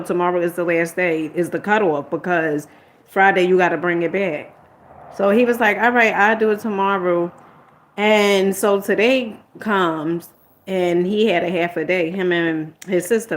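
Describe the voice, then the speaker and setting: Exasperated middle-aged mom vlogging. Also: female voice, fairly low pitch. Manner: rambling and candid, retells arguments and quotes herself; exasperated motherly lecturing tone. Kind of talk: casual personal storytelling.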